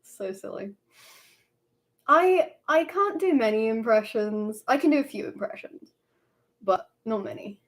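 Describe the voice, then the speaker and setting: A woman's voice: on the high side, animated, measured pace, pauses often. A young woman streaming live in casual chat, playful and laughing often.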